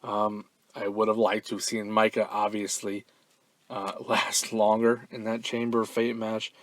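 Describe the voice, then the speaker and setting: A man hosting a fan-mail podcast in a relaxed, offhand way, full of ums and uhs, now and then breaking into loud, profane excitement. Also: fairly low pitch, unhurried, dry recording. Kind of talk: casual podcast chat.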